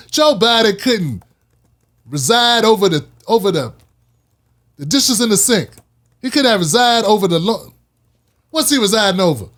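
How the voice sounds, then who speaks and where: A man hosting his own show, talking casually and heatedly about politics, repeating lines for emphasis. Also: high-pitched. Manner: animated, preachy, repeats phrases for emphasis. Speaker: host.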